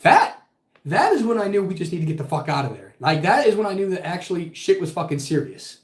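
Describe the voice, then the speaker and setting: A man's voice: high-pitched, quick pace. A man casually telling a spooky story with lots of swearing. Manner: profane, animated storytelling. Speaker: podcast guest telling a ghost story. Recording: echoey room.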